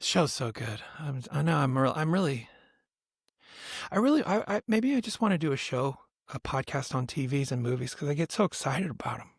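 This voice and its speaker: Rambling, animated man on a podcast. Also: on the high side, brisk, breathy edge, no echo, studio quality. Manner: rambling, animated storytelling with many restarts. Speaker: podcast co-host. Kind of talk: casual chat.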